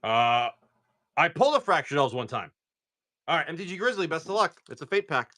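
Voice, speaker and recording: A man's voice: on the high side, sing-song, a little fast, pushed and bright. A man hosting a live stream, opening card packs and upbeat as he thanks viewers by name.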